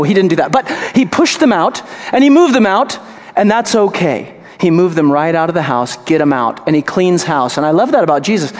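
A man preaching a sermon in a slightly high voice, dropping to a hush and then rising into loud, animated storytelling. His voice rings with the long reverb of a large hall. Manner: dramatic, shifts between hushed and loud animated storytelling. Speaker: pastor.

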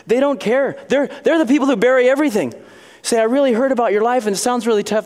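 A middle-aged man preaching a sermon as a pastor, animated, acting out little voices and scenes. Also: very high voice, fast, long reverb tail.

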